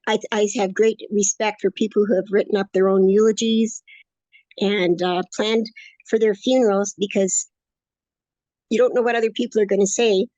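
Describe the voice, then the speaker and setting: A woman's voice: medium pitch, steady tone, moderate pace, mellow, no echo, muffled recording. A woman in her late sixties, talking in a chatty, upbeat, rambling way as a guest in an interview. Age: 60s. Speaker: course student interviewee. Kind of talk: casual interview conversation.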